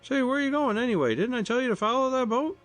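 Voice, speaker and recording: A man's voice: extremely high pitch, lively intonation, fast talker, a bit bright, no echo, faint music behind, voice pushed up. A man doing a snarling, sulky young tough. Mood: surly. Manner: snarling, sneering. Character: sulky, surly young male messenger.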